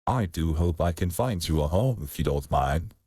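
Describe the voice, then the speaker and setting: Deep, husky man, gentle in character. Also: animated, normal speed, no echo, clean studio sound. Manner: gentle, reassuring. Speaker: player. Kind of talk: in-character tabletop role-play.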